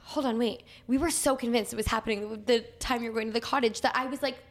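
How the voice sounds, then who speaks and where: A young woman co-hosting a podcast, gushing and excitable in casual chat, saying "like" often. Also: on the high side, fast talker, few pauses. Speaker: podcast co-host.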